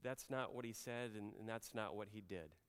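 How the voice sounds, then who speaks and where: A man preaching a sermon as pastor, conversational, often slowing and dropping to a quiet voice for emphasis. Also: lowish voice, clear, resonant tone, long reverb tail. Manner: conversational, drops soft and slow for emphasis.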